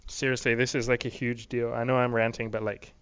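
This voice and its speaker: A man's voice: mid-range voice, flat delivery, brisk, fairly bright tone, clear, resonant tone, no echo. A young man rambling to camera in a casual video diary, swearing a lot and filling his talk with "like", recorded close on a dull lo-fi camera mic. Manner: rambling, profane, many "like" fillers. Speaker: vlogger.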